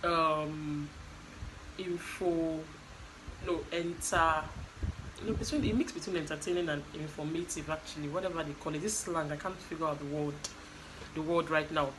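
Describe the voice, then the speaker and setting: A woman's voice: low-pitched, fairly even intonation, normal speed, noisy background. A woman casually recapping a reality show, chatty, with fillers and quoted asides.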